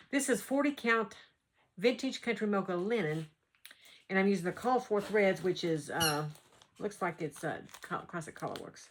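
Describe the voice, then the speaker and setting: A woman's voice: mid-range voice, a bit bright, slight background noise. A woman with a Southern American accent, chatting casually at home as a cross-stitch vlogger, rambling and laughing often. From North Carolina. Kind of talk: casual chat.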